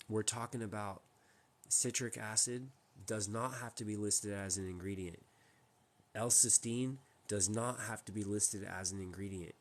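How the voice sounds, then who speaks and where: A man hosting a casual live stream from home, talking in a rambling, emphatic way with many restarts. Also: fairly low pitch. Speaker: livestream host.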